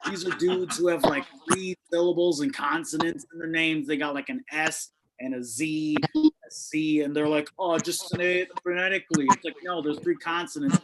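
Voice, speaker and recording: Brash stand-up comic on a video call. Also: male voice, fairly high pitch, noisy background. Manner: brash, punchy joke delivery with frequent swearing. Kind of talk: stand-up set at an online open mic. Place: home, indoors on carpet.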